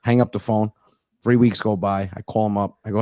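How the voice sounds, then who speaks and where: A young man, a comedian guest, telling stories in casual chat, animated and profane, acting out what other people said. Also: fairly low pitch, brisk, no room sound.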